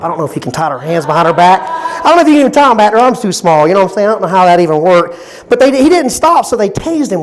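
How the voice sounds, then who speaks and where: A man doing a stand-up comedy set, rambling through a story and repeatedly checking in with the crowd. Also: sits high. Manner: rambling, fast storytelling with constant "you know what I'm saying".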